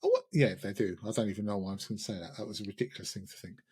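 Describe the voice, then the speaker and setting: A man's voice: fairly low pitch, rapid-fire, a little mellow, husky. A man co-hosting a casual pub-style podcast chat, rambling and joking at himself. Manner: rambling, jokey, self-mocking. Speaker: podcast co-host.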